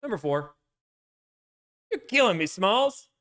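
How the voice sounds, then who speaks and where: A livestream host with a high voice speaks slowly but with big pitch swings, reading a list aloud and playfully adding movie-quote impressions. The chat is casual, and his loud mic peaks.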